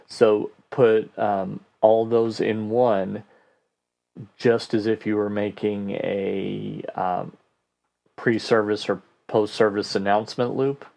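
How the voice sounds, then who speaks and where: A man hosting a casual question-and-answer podcast, answering listener questions in a relaxed way and thinking aloud with fillers. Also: fairly low pitch, slow, gravelly. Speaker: host.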